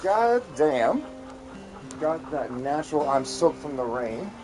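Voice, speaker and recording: A man's voice: a little high, sing-song, takes it slowly, music in the background. A man live streaming from home, chatting loosely and rambling to his viewers. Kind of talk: casual live-stream chat. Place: indoors at home during a thunderstorm.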